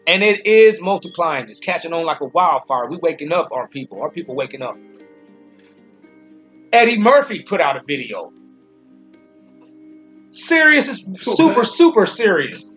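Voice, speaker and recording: A man with a fairly high voice gives an informal scripture commentary. He speaks emphatically, stumbles over and repeats words, and slows to a deliberate pace when reading verses. The recording is dull and lo-fi, with faint music underneath. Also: very animated, a bit bright. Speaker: Bible teacher.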